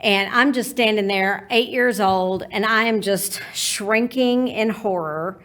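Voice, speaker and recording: A woman from Texas with a Texan accent, telling a personal story in a folksy, animated way. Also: mid-range voice, slow.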